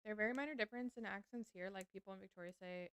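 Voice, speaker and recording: A woman's voice: mid-range voice, rapid-fire, fairly bright tone, clear, resonant tone, dry recording. A woman streamer chatting casually with her chat while playing a game. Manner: chatty, answering chat as she plays.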